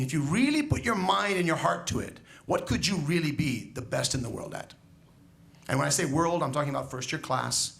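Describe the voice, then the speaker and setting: A man addresses graduates from a stage in a commencement speech. His voice sits a little high and carries a gravelly rasp. He speaks emphatically, telling stories and putting rhetorical questions to the class. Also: fairly bright tone. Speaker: school educator.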